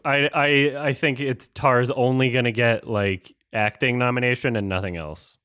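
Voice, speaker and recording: A man's voice: medium pitch, fairly even intonation, moderate pace, a bit bright. A young man hosting a casual online hangout, thinking aloud as he reads through award results. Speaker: host. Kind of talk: casual chat.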